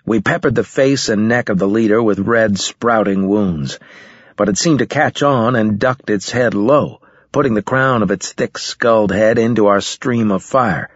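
Low, husky male audiobook narrator. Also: unhurried, no room sound. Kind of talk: audiobook narration, first person. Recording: slightly dull lo-fi recording.

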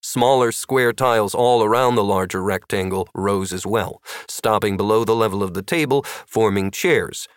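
A man narrating an audiobook in a lively, expressive reading. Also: on the low side, moderate pace, hardly any pauses, no echo, studio quality.

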